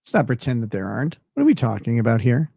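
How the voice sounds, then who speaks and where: A man's voice: medium pitch, very animated, quick pace, vocal fry, dark tone, husky, dry recording, clean studio sound. A man co-hosting a casual livestream, teasing his partner with profane banter and mock cross-examination. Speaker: livestream co-host.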